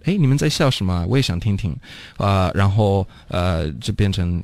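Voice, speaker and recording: A man's voice: deep voice, fairly quick, a little mellow, dry recording. A man teaching English phrases, explaining them and acting out the example lines. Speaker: language teacher. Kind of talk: bilingual phrase lesson.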